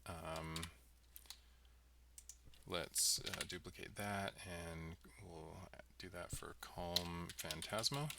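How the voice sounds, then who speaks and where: Slow, gravelly man thinking aloud. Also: deep voice, heavy background noise. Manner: thinks aloud with many ums and let's sees. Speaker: game developer. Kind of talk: livestream coding walkthrough. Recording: distant mic with loud keyboard typing. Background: keyboard typing and mouse clicks.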